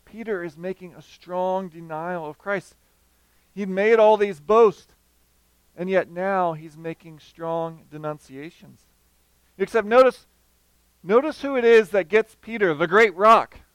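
A man's voice: high-pitched, smooth, dry recording, poor audio. A man preaching a sermon, telling the story with feeling and acting out the voices of the people in it.

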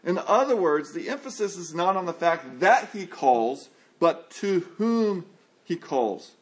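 A middle-aged male pastor delivers an earnest sermon. His voice sits a touch higher than most men's, and he lets it sink low and slow on the words he wants to land. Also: very animated. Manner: earnest preaching, slows and drops low for emphasis.

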